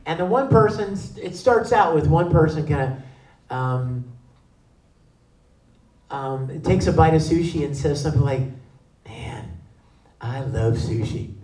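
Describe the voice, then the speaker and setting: A man as a convention panel guest, telling stories in an animated way: he laughs often and acts out the other voices. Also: on the high side, a little slow, pauses often. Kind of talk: animated storytelling. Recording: echoey room from far off.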